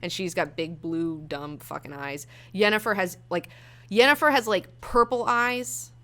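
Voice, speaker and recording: A woman's voice: fairly low pitch, measured pace, sharp tone. A woman hosting her show, giving a blunt, rambling, profanity-laced casual review. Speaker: show host reviewing a series.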